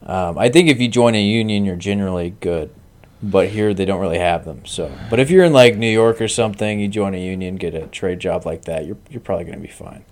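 Podcast co-host, man with a lowish voice, blunt and profane, cracks jokes in easy chat. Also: brisk, few pauses, a little mellow. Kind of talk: casual chat.

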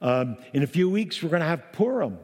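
A man leading a Messianic congregation, giving a sermon in an animated, chatty storytelling manner with frequent restarts. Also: a little high, a little fast. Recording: long hall reverb.

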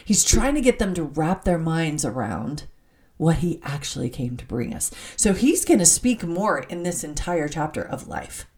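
A woman teaching from the Bible in an animated, excitable way, laughing as she reads scripture aloud. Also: sits low, normal speed.

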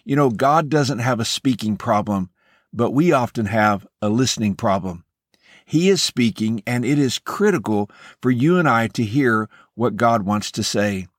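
Man, mid-range voice, earnest devotional podcast host, measured and encouraging, dry close recording. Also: mid-range voice, animated, no echo. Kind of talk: scripted devotional message.

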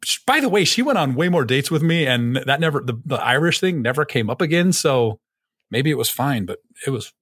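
A man's voice: medium pitch, expressive, fairly quick, a bit bright, husky, dry recording, studio quality. A young adult man co-hosting a podcast, chatting casually, rambling with many fillers and restarts, and swearing freely. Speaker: podcast co-host. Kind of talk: casual chat.

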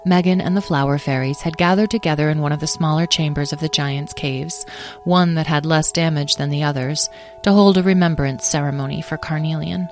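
A woman narrating a children's fantasy story in a calm, even manner. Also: low-pitched.

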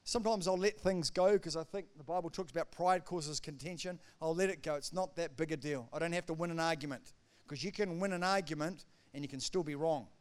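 Preaching at a brisk clip, a man with a fairly high voice delivers an emphatic sermon as pastor. He swings from loud declarations to soft asides.

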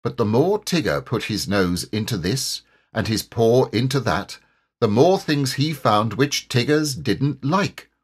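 Husky, expressive storybook narrator, man. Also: mid-range voice, measured pace. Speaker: audiobook reader.

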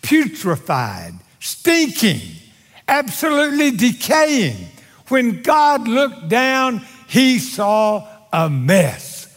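A man preaching a sermon to his congregation, with a dramatic, drawn-out delivery and wry humor aimed at his listeners. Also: wildly swooping pitch, a bit bright, soft background music. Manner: dramatic, drawn-out delivery with bold swings in pitch and volume. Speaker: pastor. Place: church sanctuary. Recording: long hall reverb from a large sanctuary.

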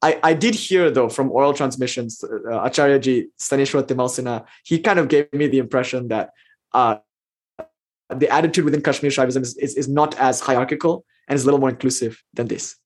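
A man's voice: medium pitch, brisk. A man giving an informal spoken lecture, thinking aloud with many restarts. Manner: thinking aloud, with frequent "you know" and restarts; chants verses in Sanskrit. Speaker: lecturer on Indian philosophy.

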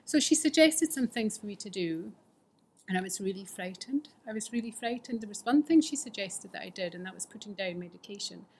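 A woman with a husky, breathy voice gives a candid recovery testimony. She speaks earnestly and often lets her voice fall to a near-whisper. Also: mid-range voice, expressive, brisk, a little mellow. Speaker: fellowship member sharing her recovery story.

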